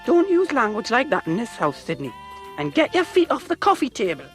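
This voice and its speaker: Picture a prim, nagging middle-aged mother scolding her grown son in a cartoon. Her voice sits high and swings wildly up and down. A tune plays faintly behind her. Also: wildly swooping pitch, brisk, soft background music. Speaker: Sid's mother.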